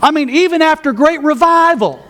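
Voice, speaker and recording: Man, pastor, very high-pitched, folksy sermon, reads scripture aloud. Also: animated, moderate pace, a bit bright.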